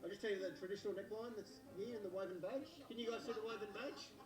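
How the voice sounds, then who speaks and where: A man's voice: sits high, steady tone, fast, music in the background, lightly acted. A man with an Australian accent playing a brash, pushy travelling jersey salesman in a comedic ad, with cocky, relentless sales patter. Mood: salesy. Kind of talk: comedic ad mockumentary. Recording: roomy, distant-mic video audio.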